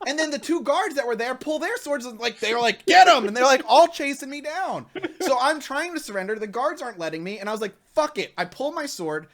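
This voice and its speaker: A man co-hosting a live gaming talk show, telling a long story in casual chat and acting out the shouting characters as he goes. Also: extremely high pitch, fairly quick, crowd noise. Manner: excitable, acts out shouting characters mid-story.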